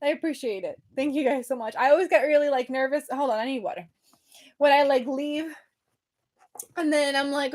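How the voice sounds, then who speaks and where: A young woman with a high, light voice chats casually on a livestream, bubbly and easily distracted. She talks straight to her viewers and sounds a little out of breath. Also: fairly quick, darkish tone. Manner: bubbly, chatty, distracted, reads comments aloud. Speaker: livestream host.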